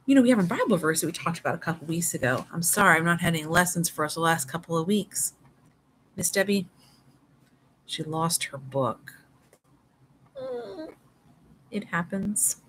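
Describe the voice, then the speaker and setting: A woman telling a Bible story to toddlers in an exaggerated, sing-song way, dropping to soft whispers for prayers. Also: on the low side, slight background noise, low-quality recording. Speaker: toddler Sunday school teacher.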